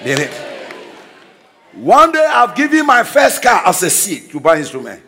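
High, lively preacher man. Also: normal speed, some chatter behind. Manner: exclaiming declarations, swinging between soft asides and shouts. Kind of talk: energetic sermon with storytelling.

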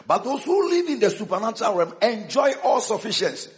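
A bishop preaching with a high voice that rises and falls animatedly. He hammers his points home through repetition and calls on the congregation to answer back. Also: very animated, fairly quick. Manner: emphatic call-and-response preaching with repetition. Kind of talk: sermon.

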